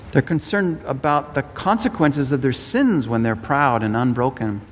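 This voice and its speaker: A man's voice: on the high side, big-room sound. A man preaching an earnest sermon, often repeating words as he works out a thought. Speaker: pastor.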